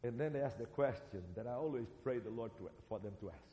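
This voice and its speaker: A man from Brazil with a Brazilian accent, preaching a sermon as a seminary teacher, animated and swinging between loud and soft. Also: mid-range voice, fast talker. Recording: reverberant hall.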